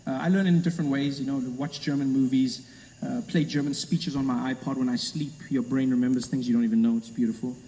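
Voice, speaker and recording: A stand-up comedian with a mid-range voice speaks quickly, telling stories animatedly and slipping into voices. He performs in a large comedy venue, and the recording captures an echoey hall and a live audience.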